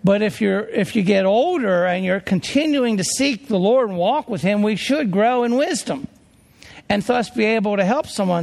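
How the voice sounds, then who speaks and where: A pastor from Pennsylvania preaches in an earnest, conversational way, often restarting his sentences. His voice sits fairly high with a gravelly edge, and a long hall reverb trails behind him. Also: animated, normal speed, darkish tone. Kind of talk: sermon storytelling.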